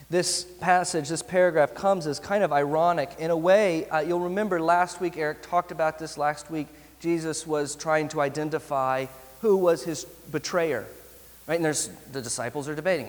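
A pastor delivers a sermon in an earnest, emphatic way, slowing down to lean on his key phrases. His voice sits a little on the high side for a man. The sound carries the long reverb of a large hall.

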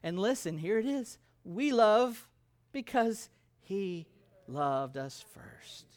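Emphatic higher-voiced male pastor preaching. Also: very animated, slow, a little mellow. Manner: emphatic, conversational preaching with humor. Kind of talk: sermon.

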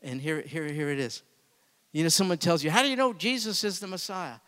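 Man, pastor preaching, hushed asides to booming peaks, bright tone, long hall reverb. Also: fairly quick. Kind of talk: sermon.

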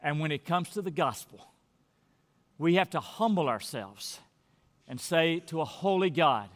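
A man preaching a sermon as pastor, earnest and emphatic, often dropping to a soft near-whisper. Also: fairly high pitch, lively intonation, a little slow, long pauses, in a large hall.

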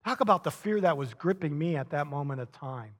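A middle-aged man delivers a sermon in a slightly higher-than-usual voice, telling stories with chuckles and lively emphasis. His words ring out in the long reverb of a large church sanctuary. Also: a little fast. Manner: animated storytelling with chuckles. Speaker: pastor.

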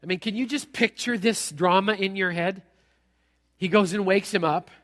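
A man's voice: high-pitched, normal speed. A man preaching a sermon in a church hall, telling a story with humor and acting out the characters. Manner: animated storytelling, acts out characters, jokey. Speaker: pastor.

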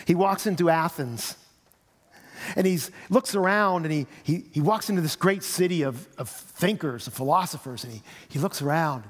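A man's voice: fairly high pitch, moderate pace. A middle-aged man, a pastor, preaching a sermon in a conversational way, often repeating his words. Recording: long hall reverb.

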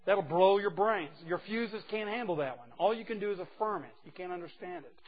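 A man preaching a sermon to a group of men, emphatic and folksy, dropping from loud exclamations to hushed asides. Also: high voice, brisk, highs cut off. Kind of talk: sermon to a men's gathering.

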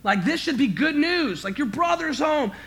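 A man preaching a sermon as pastor, emphatic, swinging from quiet to loud, stammering and repeating words when he gets worked up. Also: very high voice, expressive, normal speed, vocal fry.

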